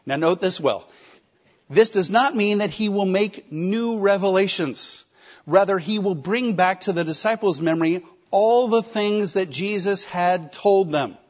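A man preaching a sermon, emphatic, with rhetorical questions and shifting loudness. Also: high voice, measured pace. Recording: slightly dull lo-fi recording.

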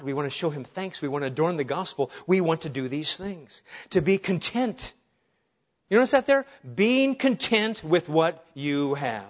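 A male pastor preaching an earnest, emphatic sermon, asking his listeners rhetorical questions. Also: high voice. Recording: dull lo-fi sound.

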